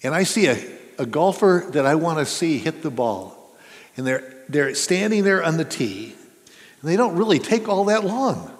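A man's voice: fairly high pitch, very animated, normal speed. Man, pastor, earnest conversational sermon, rhetorical questions, long hall reverb. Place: church sanctuary.

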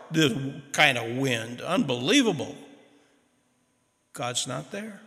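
A man's voice: medium pitch, animated, slow, long pauses, bright, forceful tone, big-room sound. A man preaching a sermon, retelling a story in a folksy, dramatic way.

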